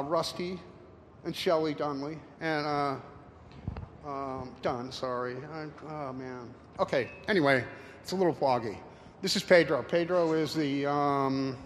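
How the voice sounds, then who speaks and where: A man in his sixties giving a casual slide talk with anecdotes to an audience, rambling and halting with many fillers. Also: on the high side. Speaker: presenter. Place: room with an audience. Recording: reverberant hall, faint noise.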